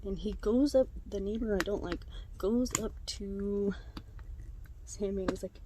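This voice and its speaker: A young woman vlogging to camera, retelling neighborhood gossip in a casual, animated way with voiced quotes, fillers and laughs. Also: mid-range voice, moderate pace, slight background noise. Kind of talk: casual storytelling chat.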